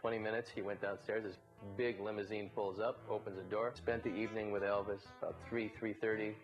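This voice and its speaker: A man recounts old stories from his broadcasting days in an easy, anecdotal way. His voice is low and unhurried. Faint guitar music plays softly behind him. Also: highs cut off. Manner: relaxed raconteur, briefly mimics others in quotes. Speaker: former baseball broadcaster. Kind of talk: anecdotal storytelling.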